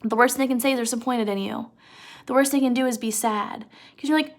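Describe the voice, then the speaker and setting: A woman's voice: on the high side, fairly even intonation, fast. A woman teacher giving a casual recorded video lesson, talking students through a chapter and checking in with them often. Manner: casual, conversational, checks in with "okay?".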